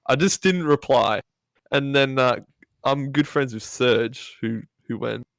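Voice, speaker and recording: Laid-back man with a gravelly voice. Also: medium pitch, measured pace, a bit bright, no room sound. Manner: laid-back, swears casually, reacts with short interjections. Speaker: podcast guest. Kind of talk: casual podcast chat.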